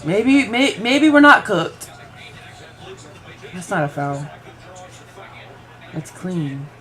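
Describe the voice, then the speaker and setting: A young man hosting a home livestream, reacting loudly to a basketball game and shouting at the plays. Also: sits high, big pitch swings, extremely slow. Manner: loud, shouting and chanting at the game. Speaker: livestream play-by-play host. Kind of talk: excitable live sports reaction.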